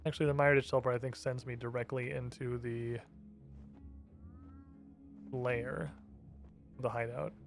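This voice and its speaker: A man's voice: medium pitch, flat delivery, unhurried, gravelly, pauses often, soft background music. A man streaming a video game, chatting casually, swearing and laughing as he plays. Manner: chatty, profane, laughs a lot. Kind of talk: casual gameplay commentary.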